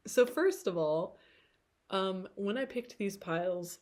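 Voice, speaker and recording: A woman's voice: medium pitch, animated, slow, darkish tone. A woman with a tired throat giving a casual tarot reading to camera, chatty and rambling with frequent laughter. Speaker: tarot reader.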